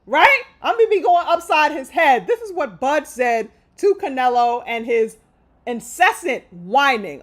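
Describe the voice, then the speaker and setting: A woman's voice: sits high, very animated, a little slow. A woman hosting a live boxing talk stream, ranting in a heated, emphatic and profane way. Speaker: boxing commentary host. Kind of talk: live opinion commentary.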